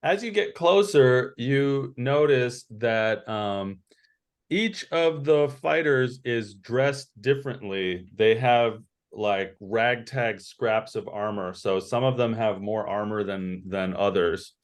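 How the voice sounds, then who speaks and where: Man, game master, slow delivery, hesitant, many fillers, mid pitch. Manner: halting, many fillers and restarts. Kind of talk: narrating a tabletop game.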